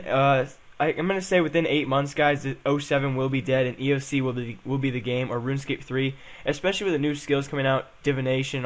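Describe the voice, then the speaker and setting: A young man chatting casually as he plays and comments on a game, rambling and saying "um" and "guys" a lot. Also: mid-range voice. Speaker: gaming channel host.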